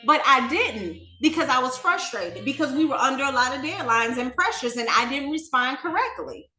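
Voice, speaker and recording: A woman hosting a talk show, telling a personal story to her audience in an animated, emphatic, conversational way. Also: high voice, echoey room.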